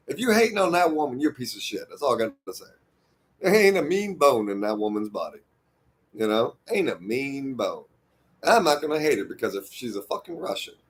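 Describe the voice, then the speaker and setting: Husky man in a heated, profane rant. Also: on the high side. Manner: restarts and repeats himself when worked up. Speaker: streamer. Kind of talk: unscripted rant to camera.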